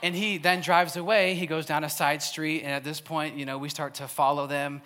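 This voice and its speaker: A man's voice: fairly high pitch, fairly even intonation, moderate pace, pushed and bright, a faint crowd. A young man from Wisconsin giving a storytelling sermon, chatty and laughing often, with lots of "like". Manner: casual and chatty, laughs often, heavy use of "like". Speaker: youth speaker. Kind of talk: storytelling sermon to a live audience.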